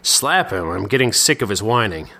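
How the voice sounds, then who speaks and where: A man reading a gruff, bossy man who talks bluntly and coldly. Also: fairly low pitch, big pitch swings, moderate pace, sharp tone, exaggerated voice. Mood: curt. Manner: blunt, profane, cold.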